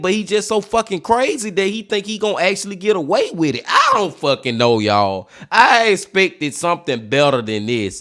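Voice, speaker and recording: A man's voice: on the high side, a bit bright. A man hosting a reaction video, talking in a blunt, profane, exasperated way as he comments on what he watches.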